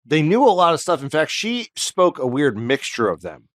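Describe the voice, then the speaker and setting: A man's voice: on the high side, big pitch swings, normal speed, dry recording, clean studio sound. A man co-hosting a comedy history podcast, telling the story in a rambling, jokey way with asides. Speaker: podcast co-host.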